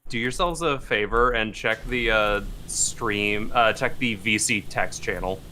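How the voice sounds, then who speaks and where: A man's voice: on the low side, unhurried, sharp tone, slight background noise. A man co-streaming a game, making jokey asides in casual chat.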